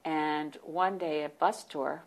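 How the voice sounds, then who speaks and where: A woman in her sixties telling stories as a guest in an interview, animated and warm, with laughs. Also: sits low, slow pace. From United States. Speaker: guest, party leader. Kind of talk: storytelling in interview.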